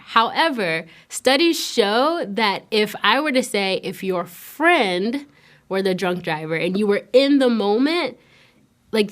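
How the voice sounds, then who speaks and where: Young woman youth leader, chatty and laughing, kinda high voice, slangy storytelling. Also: a bit bright. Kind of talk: casual storytelling lesson.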